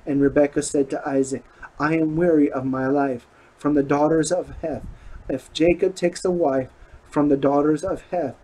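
A man reading a long Bible passage aloud in a slow, deliberate way, with small slips and restarts. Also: on the high side, fairly even intonation, dark tone, low-quality recording. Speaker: scripture reader.

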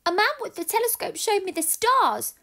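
Storybook owl chick, young, timid and eager, high and lively, read by a woman. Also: normal speed, heavily acted. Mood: curious. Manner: high, eager and wide-eyed.

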